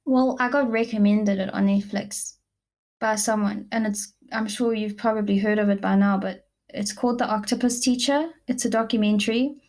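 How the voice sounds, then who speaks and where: A woman's voice: mid-range voice, steady tone, normal speed, a little mellow. Chatty young South African woman. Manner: chatty, gushing, many "like" fillers. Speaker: podcast co-host. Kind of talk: casual chat.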